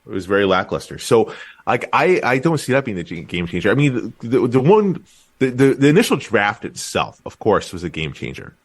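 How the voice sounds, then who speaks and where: A man co-hosting a wrestling podcast, talking in a loose, animated way with lots of fillers and restarts. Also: medium pitch, brisk. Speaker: podcast co-host. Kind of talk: casual wrestling podcast chat.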